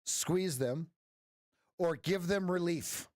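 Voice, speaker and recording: A man coaching live trades on a stream, talking straight to viewers and checking in with a quick "right?". His voice sits a little high and is starting to go hoarse. The sound is close and dry, with no room around it. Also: no echo. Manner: energetic, talks straight to viewers with frequent "right?". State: losing his voice. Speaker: trading coach. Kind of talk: live-stream trading commentary.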